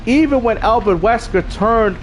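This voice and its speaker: A man hosting a gaming channel, talking in a casual, slangy, animated way and often repeating himself. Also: very high voice, normal speed, a little hiss or hum.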